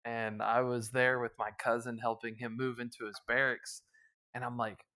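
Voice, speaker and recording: Man, young adult, podcast host, East Coast American, crude storytelling, bright tone. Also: medium pitch, flat delivery, moderate pace. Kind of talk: casual podcast chat.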